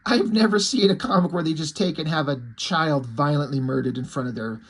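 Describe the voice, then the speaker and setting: A man's voice: a little high, a little fast, husky. A man casually recapping a comic book, profane and full of fillers.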